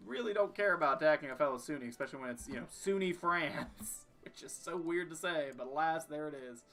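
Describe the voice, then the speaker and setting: Bright-voiced man narrating his gameplay. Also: on the high side, fast talker, few pauses, faint music behind. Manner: jokey, talks to himself and the game. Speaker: streamer playing a strategy game. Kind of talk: casual gameplay commentary.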